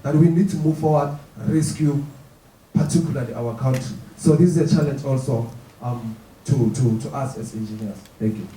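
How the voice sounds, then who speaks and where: A man in the audience making a comment from the floor of a lecture hall, speaking in a halting way and restarting his words. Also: mid-range voice, warm tone. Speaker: audience member. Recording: echoey hall, far from the mic, faint noise.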